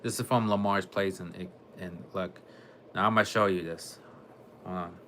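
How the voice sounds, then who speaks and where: A man with a lowish, bright voice talks casually to his viewers about gaming. He rambles, repeats himself and often restarts mid-sentence. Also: fairly even intonation, normal speed, a little hiss or hum. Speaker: gaming vlogger. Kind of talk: casual monologue to camera.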